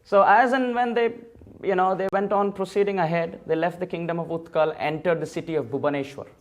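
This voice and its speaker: A man's voice: high voice, fairly even intonation, a little fast. A man giving a temple sermon, telling a sacred story and acting out the dialogue of its figures. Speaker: temple speaker. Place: temple hall.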